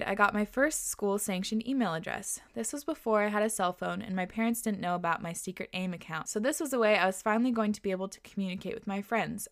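A woman hosting a podcast, reading listener stories aloud and reacting with laughter and casual swearing. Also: medium pitch.

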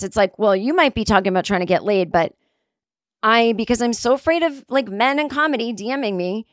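A woman comedian hosting her podcast, telling a long story in a chatty way, with lots of fillers and sudden jumps in pitch when she gets excited. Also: normal speed, no echo, studio quality. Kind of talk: casual storytelling monologue.

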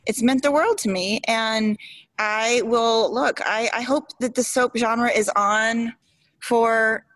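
A woman soap opera actress in her forties, telling stories in an interview in a chatty, emotional, animated way. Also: a little high, slow pace, no echo, rough recording.

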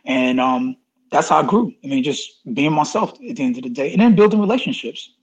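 A man's voice: fairly high pitch, lively intonation, brisk, husky, lo-fi sound. A man in his fifties, an interview guest talking casually and emphatically, repeating key phrases for stress. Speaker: interview guest, college athletics administrator.

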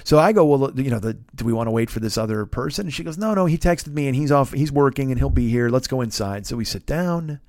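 A man in his fifties, a podcast host, telling a long story in an animated, profane, self-mocking way. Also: mid-range voice, fast, few pauses, no room sound, clean studio sound. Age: 50s. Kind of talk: storytelling monologue.

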